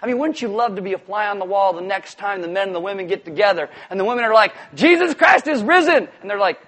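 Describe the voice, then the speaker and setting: A middle-aged man preaching a sermon as pastor, animated and jokey, acting out little voices. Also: sits high, racing.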